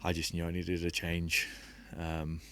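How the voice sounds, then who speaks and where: A man who plays rugby, a guest on a podcast, talking in a reflective and open way and laughing softly now and then. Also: sits low, monotone, a little slow, clear, resonant tone, no echo. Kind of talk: candid podcast conversation.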